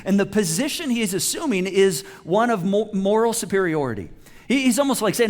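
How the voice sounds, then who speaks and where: High-voiced man preaching casually. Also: big pitch swings, normal speed. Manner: conversational preaching with many restarts, acting out quoted voices. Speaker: pastor. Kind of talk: sermon. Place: church auditorium with a live congregation.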